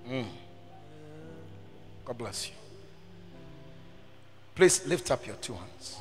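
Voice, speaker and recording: A man, the pastor, leading a prayer and an altar call in church, swinging from hushed pleading to shouted appeals. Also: medium pitch, expressive, drawn-out words, big-room sound, faint music behind. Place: church service with music behind.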